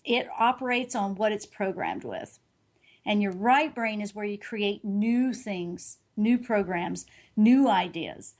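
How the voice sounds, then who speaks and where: A woman's voice: mid-range voice, expressive, slow pace. A middle-aged woman speaking as an intuitive reader in an interview, telling a story earnestly and animatedly, often restarting and correcting herself.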